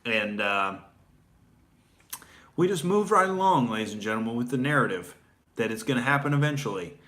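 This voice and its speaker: Bright-voiced sarcastic male comedian. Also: medium pitch, lively intonation, normal speed. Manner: sarcastic, mocking, rambling with many fillers. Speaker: comedian host. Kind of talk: comedic political rant.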